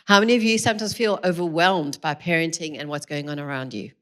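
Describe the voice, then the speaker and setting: A woman's voice: low-pitched, fast. Earnest woman addressing a parenting evening. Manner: earnest, encouraging, addresses the room directly. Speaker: speaker at a church parenting evening. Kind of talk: live talk to an audience. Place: large room with a live audience.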